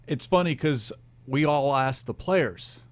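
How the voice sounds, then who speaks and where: A man hosting a sports talk show, introducing segments briskly and giving his own opinions. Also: medium pitch, expressive, no echo.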